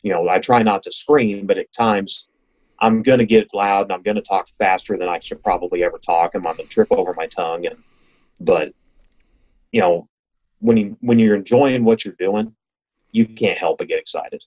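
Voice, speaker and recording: A man's voice: fairly low pitch, a little mellow. A man who works as a racing announcer, talking casually as an interview guest and describing his work with enthusiasm and frequent restarts. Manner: enthusiastic, talks in quick bursts with restarts. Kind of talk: casual conversation. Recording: lo-fi, slightly dull sound.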